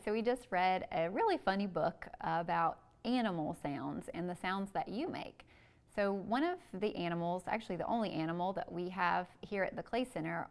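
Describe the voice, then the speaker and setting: A woman's voice: lowish voice, creaky. A young woman, a museum educator, reading a picture book aloud to children with sing-song animal sounds, then talking about insects. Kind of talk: children's story time reading and talk.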